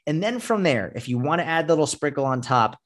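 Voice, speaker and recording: A man's voice: on the high side, sing-song, quick pace. Blunt, profane male fitness coach. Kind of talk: casual podcast interview.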